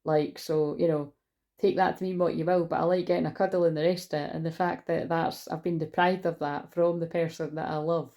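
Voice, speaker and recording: A young woman talks through a tarot reading in a loose, rambling way, cursing casually as she goes. Her voice sits low and has a gravelly, fried edge. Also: flat delivery, fairly quick, warm tone. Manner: rambling, chatty, swears freely. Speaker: tarot reader.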